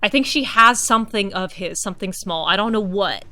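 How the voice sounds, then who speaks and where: A woman's voice: mid-range voice, a little fast, pushed and bright, no room sound. A woman streamer chatting casually over her gameplay, musing aloud and slipping into playful mock outrage. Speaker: let's-play streamer.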